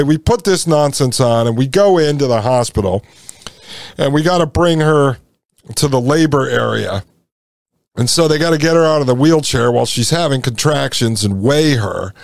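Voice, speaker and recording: A man hosting a podcast, telling a personal story in a blunt, animated, indignant way with casual asides. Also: mid-range voice, creaky, no echo, clean studio sound. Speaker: podcast host.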